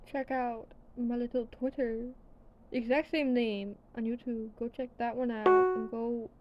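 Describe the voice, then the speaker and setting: A young woman rambling casually in a vlog, tired and yawning, swearing now and then. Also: fairly high pitch. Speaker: vlogger. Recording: dull lo-fi sound with faint background noise.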